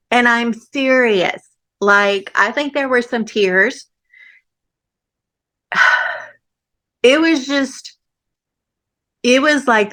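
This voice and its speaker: A middle-aged woman hosts her own podcast and tells a story from her life. She talks in a chatty, lively way, acts out the voices of the people in it and laughs easily. Her pitch sits in the middle for a woman. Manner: animated storyteller who acts out quoted voices, laughs often. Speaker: podcast host. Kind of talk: personal storytelling.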